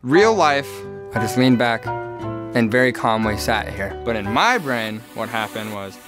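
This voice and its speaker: A man's voice: mid-range voice, animated, a little slow, music in the background. Rambling young man telling a story. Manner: rambling, filler-heavy, candid. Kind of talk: personal storytelling.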